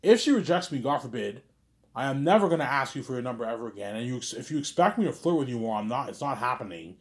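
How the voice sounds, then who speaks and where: Here a man with a mid-range, expressive voice talks quickly to camera as a vlog host. His monologue is loose and profane, full of crude slang and stumbling restarts, with "obviously" and "you know what I'm saying" coming up over and over.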